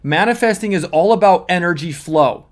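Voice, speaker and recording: A man's voice: high-pitched, expressive, moderate pace. A man speaking as a manifesting coach, explaining step by step in an earnest teaching monologue with repeated emphasis.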